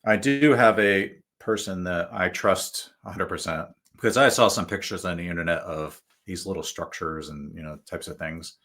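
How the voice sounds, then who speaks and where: A man's voice: low-pitched, moderate pace, hardly any pauses, fairly bright tone. A male guest telling stories in a casual, rambling way, full of fillers and restarts. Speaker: guest author. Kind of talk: casual storytelling.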